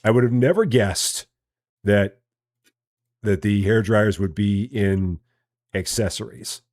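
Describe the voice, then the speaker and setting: A relaxed Midwestern man from Chicago talks through a game on a live stream, rambling and poking fun at himself. His voice sits low and comes through a dry, close microphone with no room sound. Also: takes it slowly, no echo. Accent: general Midwestern American. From Chicago, USA. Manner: relaxed, chatty, self-mocking, rambling with restarts. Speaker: gaming streamer. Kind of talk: casual live-stream chat.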